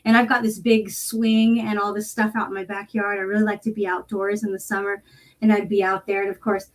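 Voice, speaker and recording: A woman's voice: medium pitch, level tone, brisk, low-quality recording. Blunt, salty woman guest. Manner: blunt, profane, laughs easily. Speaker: podcast guest, writer. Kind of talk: casual chat.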